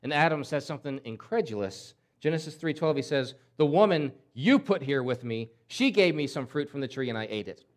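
A man's voice: fairly high pitch, lively intonation, brisk, hardly any pauses. A man preaching a sermon in an emphatic way, often repeating words and acting out quoted voices. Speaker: pastor.

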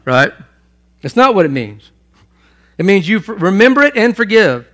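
Male pastor, sermon, fairly high-pitched, emphatic, loud then hushed, repeats himself. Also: sing-song, normal speed.

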